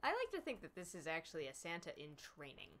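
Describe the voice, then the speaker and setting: A woman's voice: on the low side, wildly swooping pitch, fast, a bit bright. A woman co-hosting a let's play, chatting casually and teasing with jokes. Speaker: co-host. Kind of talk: casual gameplay chat.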